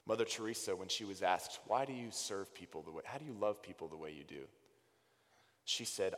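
A man preaching a sermon, rising to loud emphasis and dropping to hushed quoted lines. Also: low voice, a little fast. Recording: long reverb of a large hall.

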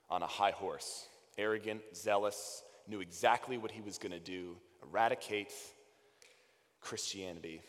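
A man preaching a sermon, rising to loud emphasis and dropping to hushed quoted lines. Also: low-pitched. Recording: long reverb of a large hall.

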